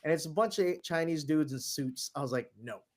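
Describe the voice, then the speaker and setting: A man's voice: a little high, lively intonation, fairly quick. Man from New York, loose rambling storyteller, swears freely, laughs through his story, chatty guest. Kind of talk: casual storytelling.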